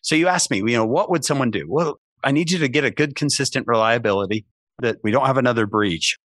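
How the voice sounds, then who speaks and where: A man, a podcast guest, telling a self-mocking story in casual, animated talk with lots of "right?" asides. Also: mid-range voice, quick pace, dry recording, clean studio sound. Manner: many restarts and asides like "right?".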